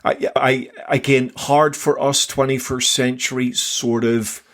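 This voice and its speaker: An older man co-hosting a Bible podcast, talking excitedly in halting bursts, repeating words as he goes. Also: medium pitch. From England. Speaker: podcast co-host. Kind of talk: casual Bible discussion.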